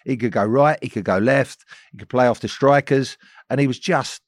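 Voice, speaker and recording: Older man, chatty anecdotal guest, mid pitch, dry close sound. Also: normal speed, dry recording. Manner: anecdotal, chuckling, drops to low asides. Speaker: podcast guest, former footballer. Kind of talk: casual storytelling chat.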